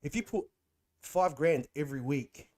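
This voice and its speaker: A young man, a guest on a podcast, telling animated stories in slangy casual chat. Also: a little high, normal speed. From Australia. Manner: animated storytelling, slangy, says bro and man.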